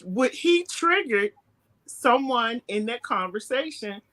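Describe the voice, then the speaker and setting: A woman's voice: on the high side, lively intonation, slow pace, sharp tone. A woman with a Baltimore accent hosting a talk show, speaking earnestly and reflectively. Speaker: host.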